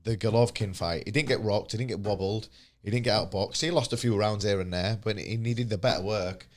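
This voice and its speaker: A man giving opinionated, quick-fire views in casual podcast chat and repeating his points. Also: on the low side. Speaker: podcast guest. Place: podcast studio.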